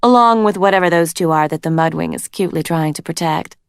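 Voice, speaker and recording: A woman's voice: medium pitch, expressive, unhurried, fairly bright tone, no echo, studio quality, voice pushed up. A woman voicing a cruel, teasing female dragon queen from a storybook, mocking and drawn out. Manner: mocking, sing-song and drawn out.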